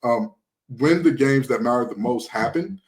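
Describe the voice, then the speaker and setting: A man's voice: mid-range voice, normal speed. A man from Detroit hosting a sports podcast, talking casually with sarcastic, mocking humor.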